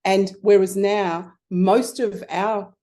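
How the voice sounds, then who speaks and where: A middle-aged Australian woman, a photography consultant, telling lively stories in a casual interview with frequent restarts. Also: mid-range voice, slow.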